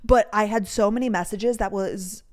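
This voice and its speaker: A woman's voice: medium pitch, normal speed. A young woman, hosting a podcast and chatting casually through a rambling storytime. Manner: bubbly, chatty, rambling with lots of "like". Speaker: podcast host.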